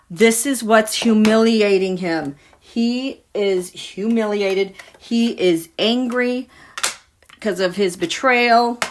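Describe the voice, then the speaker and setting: A woman's voice: medium pitch, slight background noise. A woman giving a casual tarot reading to her viewers, musing and dramatic as she talks through the cards. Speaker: tarot reader.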